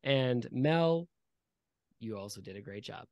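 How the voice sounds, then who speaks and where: Halting dungeon master man, dry sound. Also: medium pitch, lively intonation, a little mellow, no echo. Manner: loose, halting narration full of fillers. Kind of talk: narrating a tabletop game.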